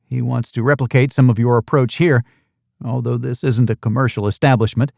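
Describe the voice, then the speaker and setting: A courteous young woman host, voiced by a man lifts his voice a little to sound eager and bright. His grainy, gravelly texture still shows through. The recording is close and dry, with no room sound. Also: medium pitch, steady tone, a little fast, dry recording, lightly acted. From United States. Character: polite young woman island staff host.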